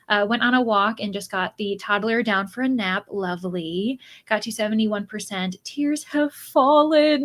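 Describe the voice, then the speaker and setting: A chatty young woman hosts a casual reading livestream. She reads out viewer comments and answers them in a rambling way, with plenty of fillers and restarts. Her voice sits at an ordinary middle pitch for a woman. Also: fairly bright tone. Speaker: livestream host of a reading sprint.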